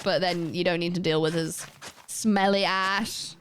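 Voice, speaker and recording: A young woman chatting casually on a live gaming stream, rambling and self-deprecating with quick asides. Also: fairly low pitch, slight background noise. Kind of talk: casual chat while gaming.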